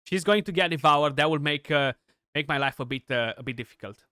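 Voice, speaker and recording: A young man giving chatty, excitable live commentary on his gameplay, with many restarts and fillers. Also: a little high, a little fast, no echo, clean studio sound. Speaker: gaming streamer.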